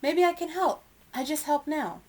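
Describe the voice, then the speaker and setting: A woman's voice: high-pitched, moderate pace, a little hiss or hum, voice pushed up, close to an everyday voice. A woman voicing a determined young elephant girl. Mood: insistent. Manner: raised, insistent.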